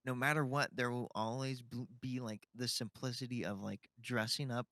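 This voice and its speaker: A young man co-hosting a podcast, talking in a halting, easygoing way full of "like". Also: medium pitch, steady tone, pushed and bright, no room sound, clean studio sound. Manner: halting, filler-heavy, easygoing. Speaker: podcast co-host. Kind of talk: casual chat.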